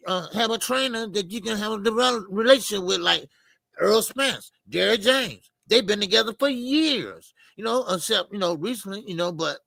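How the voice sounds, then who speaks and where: A man's voice: high-pitched, gravelly, bright, forceful tone, dry recording. A man talking boxing in a blunt, heated way, repeating his points. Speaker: boxing commentator. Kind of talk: casual boxing debate.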